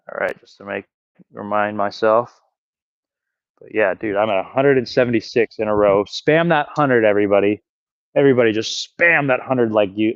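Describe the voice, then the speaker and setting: The recording is lo-fi with no echo, capturing a man's fairly low voice as he live-streams axe throwing in his backyard. He counts his throws out loud, swears, and chats with his viewers as he goes.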